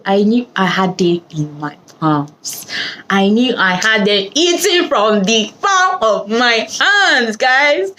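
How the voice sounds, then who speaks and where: A young Nigerian woman vlogger telling a story in a casual, animated way, laughing often and slipping into Pidgin. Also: mid-range voice, poor audio.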